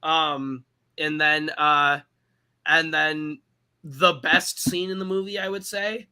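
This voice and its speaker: Bright-voiced, irreverent male podcast host. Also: on the high side, slow, clean tone. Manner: profane, irreverent, animated storytelling. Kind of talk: casual comedic plot recap.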